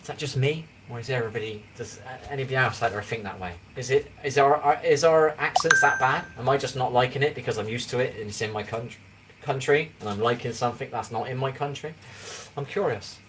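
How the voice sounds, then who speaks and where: Fast and fairly bright, this medium-pitched male voice belongs to a man in his forties from England. He rambles in casual livestream chat with an English accent, forever asking if you know what he means, all captured by a distant mic with faint background noise.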